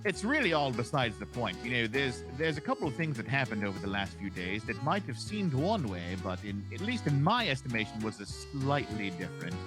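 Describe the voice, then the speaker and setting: A man's voice: medium pitch, sing-song, fairly quick, hardly any pauses, music in the background. A man speaking in character in a roleplay, polite and hesitant, often stammering and restarting. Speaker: roleplay player as an instructor character.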